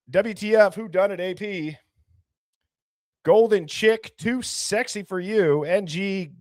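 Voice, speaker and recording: A man hosting a casual live stream, reading out viewer names and comments with loud greetings and laughs. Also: high voice, no room sound, clean studio sound. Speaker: livestream host.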